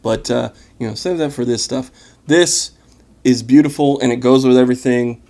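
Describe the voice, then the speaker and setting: A man with a gravelly, slightly fried voice hosts a casual tasting video. He talks in a relaxed, enthusiastic way, full of fillers and asides to the viewer, at an everyday mid pitch. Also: moderate pace. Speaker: wine vlogger. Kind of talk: casual wine tasting chat.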